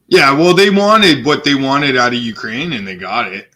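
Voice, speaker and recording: Bright-voiced swearing streamer man. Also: medium pitch, moderate pace. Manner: rambling, swears a lot, slips into mock voices. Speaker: streamer hosting a live chat. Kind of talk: casual profane stream chat.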